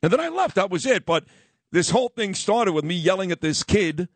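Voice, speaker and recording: A middle-aged man hosts a radio show, spinning stories and sports takes in a lively, wisecracking way. His voice sits a bit high. The studio sound is dry and close. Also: a little fast, no echo. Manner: animated, wisecracking, acts out others in quoted voices. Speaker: radio host. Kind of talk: casual storytelling and sports talk.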